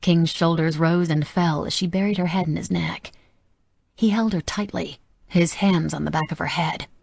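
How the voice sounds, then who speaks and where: A woman narrating a romance audiobook softly and intimately. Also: on the low side, fairly even intonation, moderate pace, creaky, slightly rough, no echo. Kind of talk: scripted narration.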